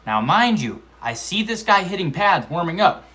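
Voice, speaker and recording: A man's voice: high voice, normal speed. Young guy in his 20s rambling through a fight story, lots of slang and swearing, acts out the sounds. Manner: animated, slangy, profane storytelling with acted-out quotes and sound effects. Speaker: amateur MMA fighter vlogger. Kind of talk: casual storytelling vlog.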